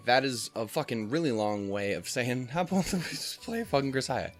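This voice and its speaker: A man's voice: on the low side, a bit bright. A man hosting a let's play, rambling, joking and swearing casually as he comments on the game.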